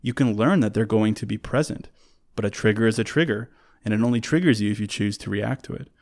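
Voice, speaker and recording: A man's voice: on the low side, quick pace, a little mellow. A man hosting a solo relationship advice talk, conversational and earnest, who repeats words as he restarts and works through a list of points.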